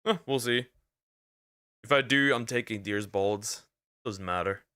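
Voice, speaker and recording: A man's voice: on the low side, measured pace, bright, forceful tone, clean tone, no room sound, clean studio sound. A man streaming as a VTuber, rambling and stammering through jokey reaction commentary. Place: lives in Germany.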